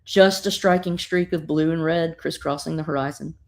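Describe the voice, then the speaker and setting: A woman's voice: low-pitched, steady tone, normal speed, a little mellow. A woman voicing a young girl who narrates in formal, old-fashioned storytelling diction.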